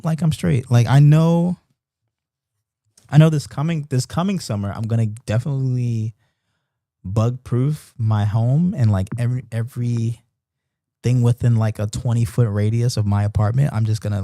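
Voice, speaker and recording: Animated man telling a story. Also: medium pitch, no echo, studio quality. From Baltimore. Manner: animated storyteller, loose slang, many restarts. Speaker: host of a Bible reading stream. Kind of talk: casual storytelling chat. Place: apartment in Japan.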